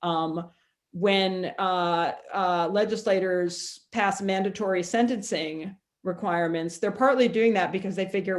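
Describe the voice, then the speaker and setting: A woman's voice: mid-range voice, measured pace. A middle-aged woman author speaking as a guest on a video call, telling stories in a chatty way with many ums and restarts. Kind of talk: conversational storytelling.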